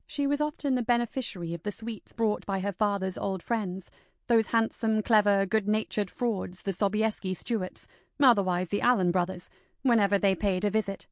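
A woman reading a historical novel aloud in a measured, even storytelling manner, close to the mic. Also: mid-range voice, dry recording. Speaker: audiobook narrator. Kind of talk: scripted narration of a historical novel.

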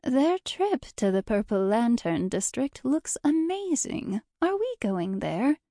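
Woman voicing a hopeful passenger, eager and a touch higher. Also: very animated, slow, mellow, dry recording, clean studio sound, full character voice. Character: hopeful female bus passenger.

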